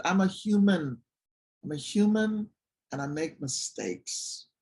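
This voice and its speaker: A recovery support group leader giving a personal, testimony-style talk, telling stories with animation and swinging from excited highs to soft low asides. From Washington, DC area.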